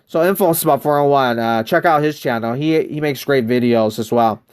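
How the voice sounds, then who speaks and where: A man's voice: medium pitch, normal speed, darkish tone, clear, resonant tone. An American man chatting casually on a live game stream, greeting viewers by name and wandering through loose, rambling asides. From United States.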